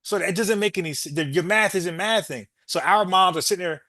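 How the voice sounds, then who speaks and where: A man's voice: high-pitched, brisk, few pauses, pushed and bright, no room sound, studio quality. A man hosting a podcast, arguing with a caller, repeating his points and calling him bro. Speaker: podcast host. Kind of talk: heated call-in debate.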